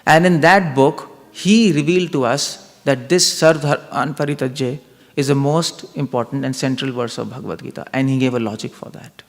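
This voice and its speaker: Male spiritual lecturer, gravelly, Socratic questioning style, recorded in a reverberant temple hall. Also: mid-range voice, moderate pace. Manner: questioning, reasoning aloud, asks the audience.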